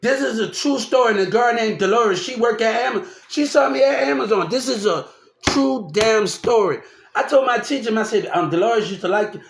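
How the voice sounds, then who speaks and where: A man's voice: very high-pitched, brisk, creaky, a little hiss or hum. A young man rambling through a personal story, repeating himself and restarting often. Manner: repetitive, restarts often, animated. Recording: roomy echo.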